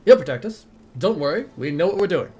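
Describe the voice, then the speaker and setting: A man's voice: a little high, animated, quick pace, dark tone, pitched above the performer's own voice, natural voice. A man putting on a grand old dwarf woman director. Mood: grand, dignified. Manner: theatrical, dignified, fussy. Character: proud old female dwarf theater director.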